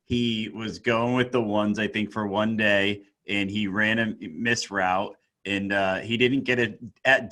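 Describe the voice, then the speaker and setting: A man co-hosting a podcast who asks questions eagerly, with a slightly rough morning voice. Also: on the low side, sharp tone. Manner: eager, quick questioning with restarts. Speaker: podcast co-host. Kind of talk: casual podcast interviewing.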